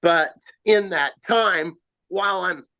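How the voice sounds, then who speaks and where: A man telling a first-person encounter story in a halting, rambling way, full of "you know" and "uh" fillers. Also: high voice, sharp tone. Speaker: eyewitness guest.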